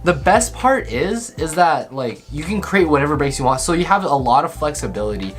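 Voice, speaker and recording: A man's voice: on the high side, sing-song, fairly quick, soft background music. A young man chatting casually about college, rambling with lots of slang and fillers. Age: young adult. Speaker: college student vlogger. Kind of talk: casual chat.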